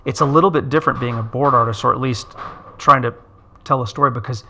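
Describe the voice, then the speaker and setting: Bright-voiced man telling an animation story. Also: fast talker, slight background noise. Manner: acts out characters' lines with big pitch jumps. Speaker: animation director, interview guest. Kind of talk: storytelling in an interview.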